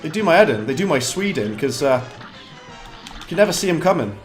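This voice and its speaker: A British man with a slightly high voice talks his way through a live game stream, chatty and quick to call himself an idiot. His frustration flares in short exclamations, and faint game music plays underneath. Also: big pitch swings. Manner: chatty, self-mocking, quick bursts of frustration. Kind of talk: live gameplay commentary.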